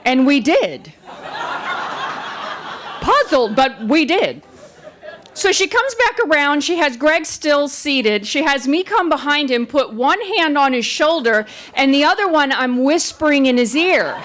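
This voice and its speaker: A woman tells a funny personal story with wry, animated delivery. Her voice sits high and swings widely in pitch as she builds each beat. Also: measured pace, noisy background. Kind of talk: live comic storytelling.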